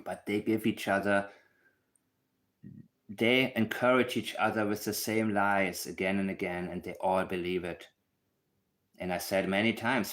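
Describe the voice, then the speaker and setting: A man's voice: lowish voice, steady tone, a little slow, long pauses. A man hosting a livestream, talking in an emphatic, blunt way with asides to his viewers. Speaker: channel host analyzing a case. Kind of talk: casual livestream commentary.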